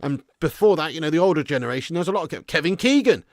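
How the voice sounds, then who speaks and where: A man's voice: fairly high pitch, animated, rapid-fire, no echo, clean studio sound. A man hosting a casual live stream from his garage, reading viewer comments with laddish, swearing banter. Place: home garage studio.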